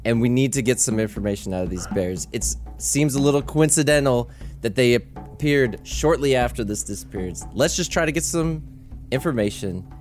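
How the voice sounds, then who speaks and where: A man playing a tabletop game with a middle-pitched voice. He talks in a brash way, swears freely and laughs between lines. His speech has a casual, loose delivery. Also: normal speed, darkish tone, soft background music. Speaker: player.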